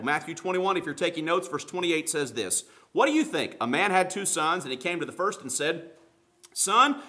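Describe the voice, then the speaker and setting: A man's voice: a little high, bright, forceful tone. A man preaching a sermon as pastor, folksy and conversational with touches of humor.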